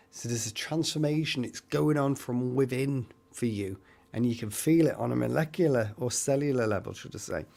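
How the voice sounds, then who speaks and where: A man's voice: mid-range voice, creaky, mellow. A man hosting a live stream, giving rambling psychic readings and addressing viewers by name.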